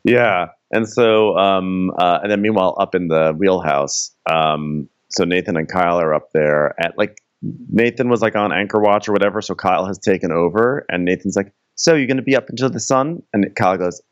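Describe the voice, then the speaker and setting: A man's voice: normal speed, smooth, no echo, dull audio. A man co-hosting a podcast, recapping a reality show in casual, jokey chat and acting out the people in it. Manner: jokey, acts out cast members in high silly voices. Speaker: podcast co-host.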